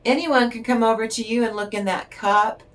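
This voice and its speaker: A woman's voice: fairly high pitch, steady tone, normal speed. An older woman giving a tarot reading in a chatty, rambling storytelling way, laughing often. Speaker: tarot reader. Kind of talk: casual spiritual chat and storytelling. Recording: voice distant from the mic.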